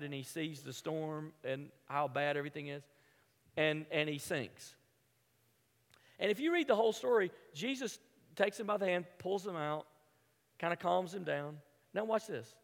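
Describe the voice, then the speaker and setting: A man from the American South preaching a sermon as a pastor, telling stories in an animated way and acting out quoted voices. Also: a little high, moderate pace, creaky. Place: large church hall. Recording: hall reverb with music behind.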